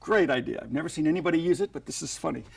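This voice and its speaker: A man's voice: on the high side, rapid-fire, vocal fry, husky. A man demonstrating sponge-ball magic step by step, chatty and playful, adding little sound effects as he goes. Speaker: magic instructor. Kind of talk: instructional magic tutorial.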